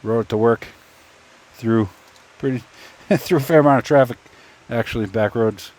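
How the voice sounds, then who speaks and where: A 3D printing YouTuber, recorded on a phone, casually tells a story while tinkering with his printer, talking to himself in a rambling, stop-start way as he works. His voice sits in the mid range with a darkish tone, and he speaks at a moderate pace.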